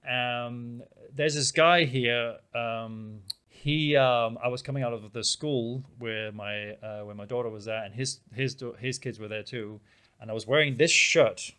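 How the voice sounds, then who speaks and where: A podcast co-host based in a small Spanish town speaks a little slowly, his mid-range voice smooth. In casual chat he spins rambling, animated stories loaded with fillers.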